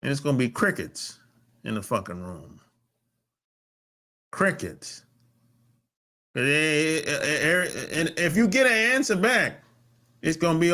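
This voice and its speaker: Talking with big pitch swings, vocal fry, and a sharp tone, this North American man hosts a podcast in a casual monologue, a little slow with long pauses. He speaks bluntly and emphatically, swears a lot, and his pitch jumps suddenly.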